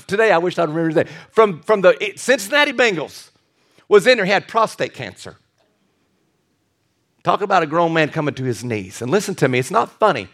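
A male pastor preaching a sermon, telling stories animatedly and acting out the voices of the people in them. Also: high-pitched. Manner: animated storytelling, acts out quoted voices; drops to a soft hushed voice for tender moments.

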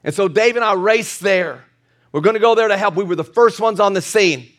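A man's voice: sits high, brisk, a bit bright. A middle-aged male pastor preaching a sermon, earnest and repetitive, building to emphatic peaks and chuckling at his own asides.

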